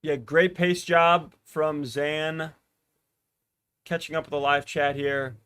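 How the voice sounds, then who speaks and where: Smooth-voiced race commentator. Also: male voice, a little high, takes it slowly. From United States. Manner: excited, rising with the race, chatting to live viewers. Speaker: podcast host commentating a race. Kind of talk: live watch-party race commentary.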